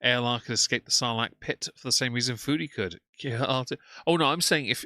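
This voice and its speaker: A man's voice: mid-range voice, fairly quick, hardly any pauses, sharp tone, dry recording, clean studio sound. A man hosting a livestream, commenting on clips with sarcastic, mocking asides. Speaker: commentary streamer.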